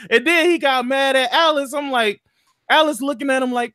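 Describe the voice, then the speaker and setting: A man's voice: very high voice, lively intonation, moderate pace, a bit bright, no room sound, studio quality. A man, animatedly retelling a video game story in casual chat, full of slang and profanity. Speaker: gaming podcast co-host.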